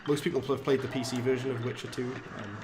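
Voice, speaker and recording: A man from South Wales with a Valleys accent, chatting casually on a live game stream, self-mocking and jumping up in pitch when frustrated. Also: steady tone, quick pace, background noise. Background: game music.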